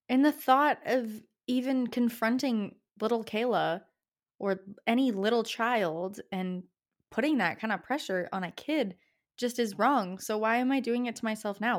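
Chatty and passionate, a young woman with a Canadian accent runs her own casual solo podcast, her pitch climbing at the close of each phrase.

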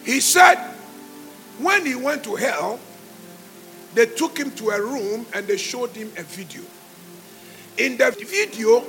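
A male pastor preaching a sermon, calling on the congregation to respond and shouting his exhortations, recorded live in church with music underneath. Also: very high-pitched, creaky.

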